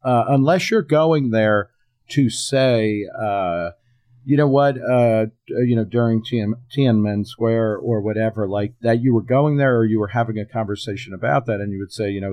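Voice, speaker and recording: A man's voice: mid-range voice, moderate pace, a little mellow. A man on a discussion panel, blunt and profane, rambling with many fillers. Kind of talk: podcast discussion.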